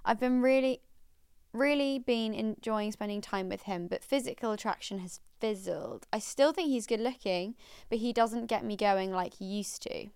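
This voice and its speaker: Chatty young woman, smooth voice. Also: fairly high pitch, darkish tone, no echo, clean studio sound. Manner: gushing, chatty, quick to laugh. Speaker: podcast co-host. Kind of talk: casual chat, reading out listener letters.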